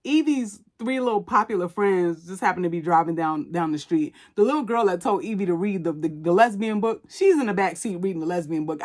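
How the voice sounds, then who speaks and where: A woman hosting a podcast, recapping a movie in animated, casual storytelling full of slang and profanity. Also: fairly low pitch. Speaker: podcast host.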